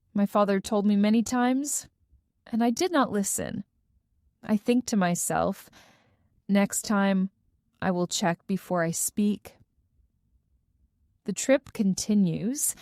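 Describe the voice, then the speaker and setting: A woman narrating a simple graded-reader story for English learners, clearly and carefully. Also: a little high, no room sound, clean studio sound. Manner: clear, carefully paced, expressive. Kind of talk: slow scripted storybook narration.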